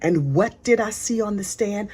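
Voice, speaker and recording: A woman's voice: medium pitch, expressive, moderate pace, darkish tone, breathy edge. A woman hosting true-crime commentary in a sassy, gossipy way, full of slang. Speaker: host.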